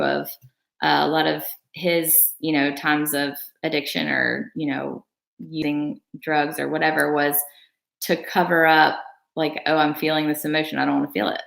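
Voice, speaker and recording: A woman's voice: deep voice, creaky, a bit bright. A young woman vlogger talking earnestly on a livestream, rambling with many fillers and restarts. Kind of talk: casual livestream chat. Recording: roomy room echo.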